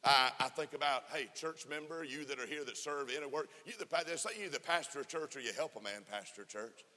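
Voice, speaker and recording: A man's voice: mid-range voice, a little fast, sharp tone. A man preaching a fervent sermon to a conference, often laughing and calling for amens. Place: church conference hall. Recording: echoey hall reverb.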